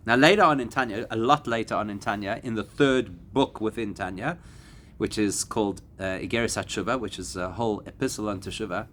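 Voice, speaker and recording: A man, a rabbi, giving a Torah class to a live audience, animated and climbing to emphatic peaks. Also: on the low side, a little fast, slight background noise. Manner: animated, rising to emphatic peaks and acting out quoted voices.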